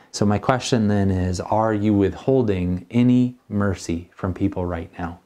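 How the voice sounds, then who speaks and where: A man's voice: on the low side, normal speed, hardly any pauses, warm tone. A middle-aged man preaching a sermon as a pastor, in an earnest, conversational way.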